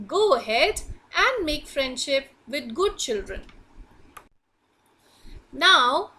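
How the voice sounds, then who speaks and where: A woman teacher leads an online reading class for young children. Her high voice swings up and down in a lively sing-song. She speaks slowly and clearly, with a bright tone.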